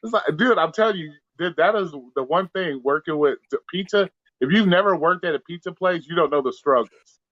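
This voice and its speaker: A delivery driver chats on a live stream, cursing freely and re-enacting his run-ins with customers. His voice sits a little high for a man. The sound is dull and dry, as if through a cheap mic. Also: brisk, fairly bright tone, no echo. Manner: profane, blunt storytelling with quoted back-and-forth. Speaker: gig delivery driver, co-host. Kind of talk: casual live-stream chat.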